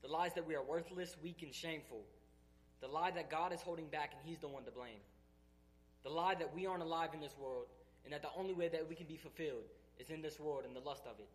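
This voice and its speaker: A man's voice: on the high side, fast talker. A man giving an emotional church testimony, earnest and emphatic, sounding tearful. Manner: earnest, emphatic, building intensity.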